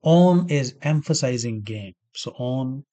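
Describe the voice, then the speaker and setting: An English grammar teacher with a mid-range, warm voice lectures slowly and animatedly, working through example sentences step by step. He repeats key words and asks himself questions before answering them.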